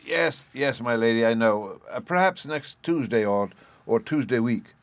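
Man playing a timid professor, meek, hesitant, high-pitched, storybook. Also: expressive, measured pace, no echo, lightly acted. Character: meek, cautious male professor, timid and kindly.

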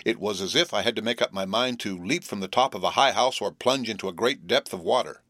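A man giving a measured, expressive scripted narration of a classic novel. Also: on the low side, dry recording, clean studio sound. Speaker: audiobook narrator.

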